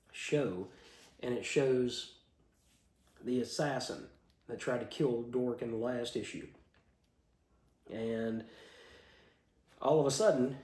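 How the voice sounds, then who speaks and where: A man's voice: medium pitch, dark tone. A man casually reviewing comic books, talking in an enthusiastic, rambling way with frequent restarts. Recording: roomy echo.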